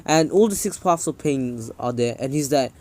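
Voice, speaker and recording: A young man talks in an animated, slangy rush, ranting and telling a fan story. His pitch is mid-range for a man. He records on an earphone mic. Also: moderate pace. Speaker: YouTuber. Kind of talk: casual fan-fiction narration.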